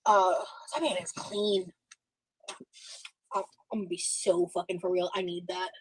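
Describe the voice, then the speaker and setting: A woman's voice: lowish voice, steady tone, unhurried, husky, no room sound, poor audio. A woman streamer chatting casually while she cooks, rambling with lots of fillers and giggles. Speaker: streamer cooking on camera. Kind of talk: casual chat.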